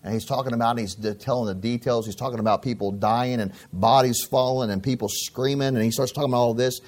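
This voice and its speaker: A man's voice: medium pitch, steady tone, quick pace, darkish tone. A middle-aged man preaching a sermon as a pastor, telling stories in a conversational way and often repeating his phrases.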